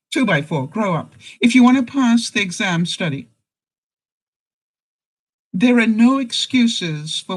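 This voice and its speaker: A woman vlogger chatting casually with her viewers, frank and quick to laugh. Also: medium pitch, low-quality recording. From Canada. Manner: chatty and blunt, laughing often. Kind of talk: casual live chat to viewers.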